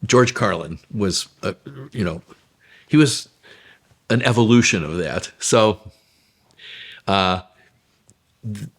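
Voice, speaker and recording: A man with a fairly low voice recounts his work as a vaudeville troupe performer. He tells his stories haltingly, with many fillers and bursts of laughter. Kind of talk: interview storytelling.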